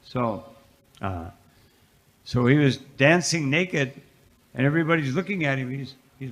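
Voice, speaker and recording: Male monk lecturer, lively storytelling, mid-pitched voice, long reverb of a hall. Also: normal speed, pauses often. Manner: lively storyteller, frequent "you know" asides. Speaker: monk giving a scripture class.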